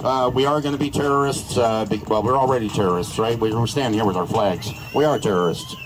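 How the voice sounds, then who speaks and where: A man's voice: mid-range voice, quick pace, noisy background. A Canadian man giving a crude, joking, rousing speech at an outdoor rally. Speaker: rally speaker.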